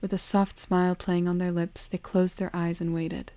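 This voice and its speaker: Calm low-voiced woman storyteller. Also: moderate pace, no room sound. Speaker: narrator. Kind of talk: storybook narration.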